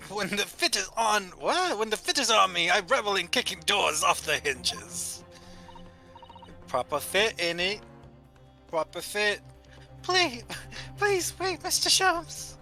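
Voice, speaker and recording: A man's voice: high-pitched, pushed and bright, full character voice. A man voicing a pompous, eccentric male detective, drawn out and grandiose. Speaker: streamer voicing a game character.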